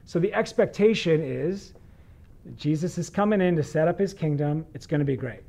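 A man's voice: fairly high pitch, moderate pace, vocal fry, mellow. A man preaching as a pastor, reading scripture and talking through it in an earnest conversational sermon.

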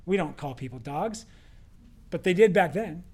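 A man with a high-pitched voice preaching in a relaxed, conversational way. He tells the story with lively acted quotes and talks straight to his congregation. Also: moderate pace. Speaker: pastor. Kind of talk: sermon.

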